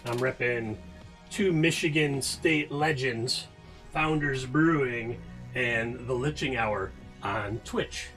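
A man's voice: mid-range voice, slow pace, fairly bright tone, faint music behind. A man casually chatting on a live stream while working, rambling, joking and talking to himself. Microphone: headphones on.

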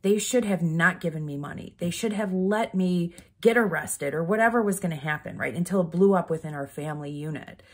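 A woman's voice: on the low side, fairly quick, few pauses, a little mellow, slightly rough. A mother speaking in a candid personal vlog, rambling and heartfelt, emotional and close to tears. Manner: rambling, heartfelt, many "like" fillers. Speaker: vlogger, mother.

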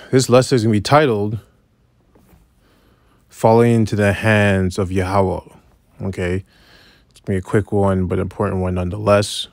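Bible teacher, male, lowish voice, casual explaining with constant "right?", dry close recording. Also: no echo. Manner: reads verses slowly, then explains with repeated "right?". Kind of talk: informal scripture lesson.

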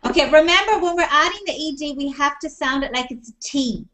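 A woman with a high voice teaches an English class over a video call. She talks in an encouraging way and repeats her praise often. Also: fairly quick, bright, forceful tone.

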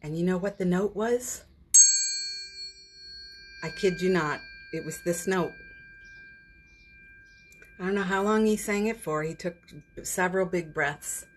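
A woman's voice: fairly low pitch, measured pace, pauses often, a little hiss or hum. A woman hosting a daily live stream from her phone at home, chatting casually about spiritual matters, laughing often and trailing off mid-sentence.

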